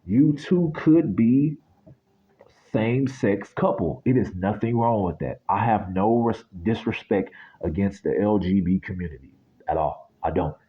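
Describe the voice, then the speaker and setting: A man's voice: on the low side, a little slow, lo-fi sound. A man from the United States giving a casual spiritual reading that turns into a blunt, sweary rant. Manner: blunt, ranting, swears freely.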